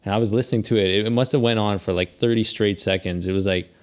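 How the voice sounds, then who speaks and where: A man with a somewhat low voice chats on a podcast. He talks in quick bursts full of asides and fillers. He keeps nudging the others along with short agreeing words. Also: fairly even intonation. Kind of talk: casual chat.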